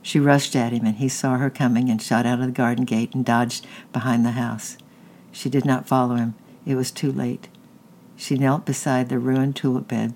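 A narrator reads a novel chapter aloud in a steady, even storytelling manner. The voice is mid-pitched, with a faint rumble behind it. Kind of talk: audiobook reading.

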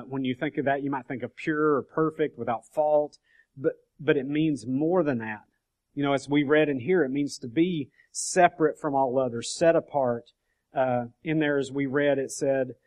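A man leading an informal Bible study, explaining scripture in a conversational way, often checking in with his listeners and restarting his sentences. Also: mid-range voice. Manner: conversational, frequent "okay?" check-ins and restarts. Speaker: bible teacher.

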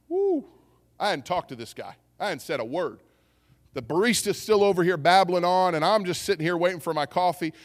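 Pastor, male, fairly high voice, lively storytelling sermon, long church reverb. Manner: storytelling, animated, acts out quotes. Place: church sanctuary.

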